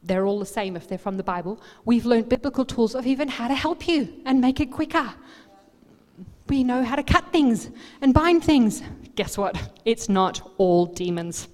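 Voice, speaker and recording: A woman pastor preaching a sermon, swinging from quiet asides to loud, animated outbursts. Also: on the high side, moderate pace. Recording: long hall reverb.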